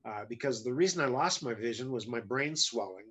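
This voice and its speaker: A man's voice: mid-range voice, lively intonation, fairly quick, fairly bright tone, breathy edge. A middle-aged man, a podcast guest, telling a story casually in a blunt, candid way, with wry humor about hard times. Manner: blunt, candid, often profane; self-deprecating humor about hardship.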